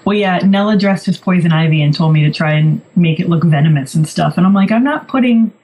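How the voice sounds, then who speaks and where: A woman's voice: deep voice, steady tone, fast talker, darkish tone, rough recording. A woman co-hosting a podcast, telling stories in a chatty, wry, casual way. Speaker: podcast co-host. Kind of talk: casual chat.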